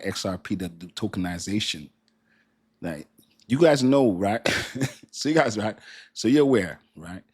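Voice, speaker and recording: Man, husky and lowish voice, casual livestream host, chatty, laughs a lot, colloquial. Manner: animated, laughing often, preachy and colloquial. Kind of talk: casual livestream chat reading comments.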